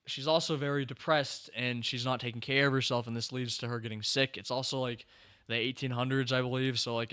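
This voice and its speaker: A man hosting a podcast, chatting casually in a rambling, animated way with many fillers and restarts. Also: medium pitch, clean tone. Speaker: podcast host.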